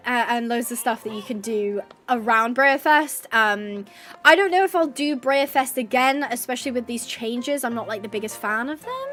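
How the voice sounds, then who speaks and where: High-pitched bubbly young woman streamer. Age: 20s. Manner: bubbly, gushing, frequent laughter and filler words. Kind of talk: casual chat while gaming.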